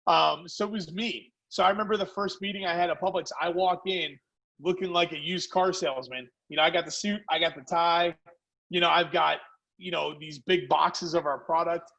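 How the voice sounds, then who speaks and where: A man who founded a food company, a podcast guest telling animated stories in casual chat. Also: fairly high pitch, moderate pace, vocal fry, rough recording. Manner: animated, lively storyteller. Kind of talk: casual storytelling.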